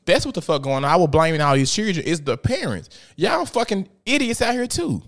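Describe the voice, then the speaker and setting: A podcast host from Memphis, Tennessee chats casually and profanely at a fairly quick pace, telling animated stories broken by sudden high-pitched outbursts.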